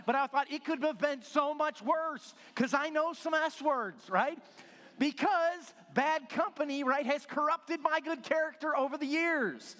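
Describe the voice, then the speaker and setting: A man's voice: extremely high pitch, moderate pace, a bit bright. A middle-aged male pastor preaching a sermon, telling stories with self-deprecating jokes. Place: church sanctuary. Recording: long hall reverb.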